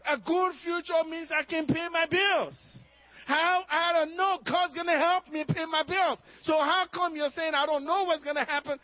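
A man's voice: very high-pitched, steady tone, a little slow. A man preaching a sermon, emphatic, firing questions at his congregation and laughing now and then. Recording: dry, dull lo-fi recording.

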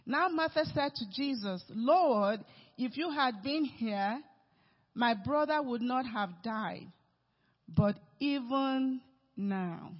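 A man preaching in a church sanctuary, unhurried and emphatic. He swings between loud declarations and soft, low asides. The sound rings with a long hall reverb and has a dull, muffled quality. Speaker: pastor. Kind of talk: sermon.

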